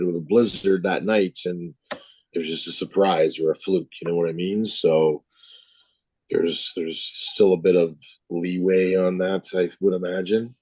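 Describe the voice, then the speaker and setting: In the council chamber, a Canadian town councillor who is losing his voice talks casually and rambles, laughing often. His hoarse voice is deep and warm with fairly even intonation at normal speed, and the recording is rough with no echo.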